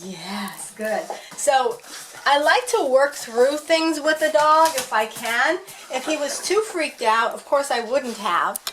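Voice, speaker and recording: A woman's voice: sits high, lively intonation, slow, a bit bright, a little hiss or hum. Chatty woman training her dog at home. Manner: chatty, talks to the dog and voices his thoughts. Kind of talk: casual training demonstration.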